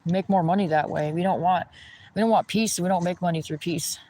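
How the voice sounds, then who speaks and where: A man's voice: high voice, steady tone, fairly quick, dark tone, slight background noise, poor audio. Man ranting indignantly outdoors. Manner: indignant, rambling rant. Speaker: vlogger. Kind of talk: ranting vlog while walking outdoors. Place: outdoors by a pond.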